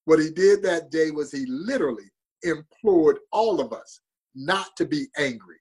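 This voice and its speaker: Husky guy, kinda high voice, tells stories all dramatic and heartfelt. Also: lively intonation, moderate pace, a little mellow, poor audio. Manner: impassioned, dramatic storyteller. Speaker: baseball museum guest. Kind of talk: storytelling interview.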